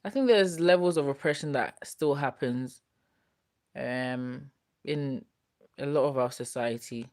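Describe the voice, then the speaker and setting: Brief: young woman hosting a live stream, relaxed and chatty, reads out viewer comments. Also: a bass voice, a little slow. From United Kingdom. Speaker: host reading viewer comments. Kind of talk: casual live-stream chat.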